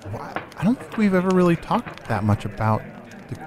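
A man's voice: high-pitched, sing-song, fairly quick, a crowd in the background. A man hosting an improvised comedy podcast who talks in a playful, hesitant way. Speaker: host.

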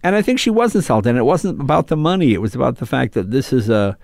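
Fast and gravelly, this older comedian guest has a medium-pitched voice captured in clean studio sound with no room ambience. He chats loosely and spins anecdotes, animatedly impersonating the people involved.

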